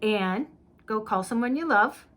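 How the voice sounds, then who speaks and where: A woman's voice: on the high side, lively intonation, a little slow, a bit bright, slight background noise. A woman in her fifties hosting a casual chat with her mother, upbeat and giggly, often laughing. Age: 50s. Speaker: vlog host.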